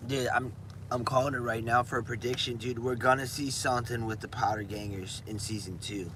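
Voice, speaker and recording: A man's voice: medium pitch, steady tone, a little fast, a bit bright, a little hiss or hum. A man chatting casually on a livestream from outdoors, rambling and saying "dude" a lot. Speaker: gaming livestreamer.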